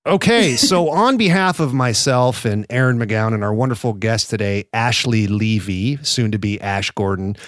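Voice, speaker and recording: A man's voice: fairly low pitch, lively intonation, moderate pace, few pauses, no echo, clean studio sound. A man co-hosting a podcast in casual, joking chat, with easygoing fillers. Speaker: podcast co-host.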